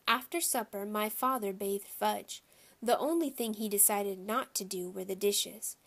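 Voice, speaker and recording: A woman reading a children's novel aloud in an even, steady storytelling way. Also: medium pitch, unhurried. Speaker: reader.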